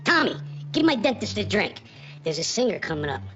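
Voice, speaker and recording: A man's voice: high-pitched, big pitch swings, brisk, bright, forceful tone, slight background noise, exaggerated voice. An actor playing a sly, mocking card-playing boss who toys with a man who owes him money, in a film. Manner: sly, mocking, rambling, wordplay. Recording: dull film soundtrack with faint music.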